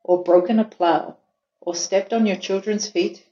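A woman voicing a big, strong, gentle male ox in a storybook reading. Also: mid-range voice, fairly even intonation, unhurried, close to an everyday voice. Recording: echoey room, dull lo-fi sound.

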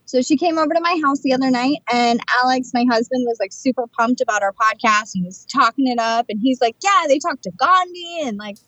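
A woman co-hosting a podcast, telling stories in a chatty, animated way about her work as a psychic and channeler. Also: a little high, fast talker, few pauses, no echo, dull audio. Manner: chatty storyteller, animated retelling of conversations. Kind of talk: casual chat.

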